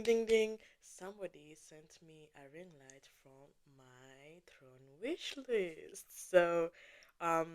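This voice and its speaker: Woman host, sick with a sore throat; low, smooth voice, relaxed casual chat. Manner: chatty and easygoing, drawn-out filler words. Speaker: podcast host.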